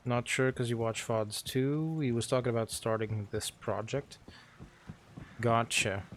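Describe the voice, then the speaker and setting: A man streaming a role-play game, casually recapping events for his viewers in an unhurried way with frequent ums. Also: medium pitch, steady tone, slight background noise.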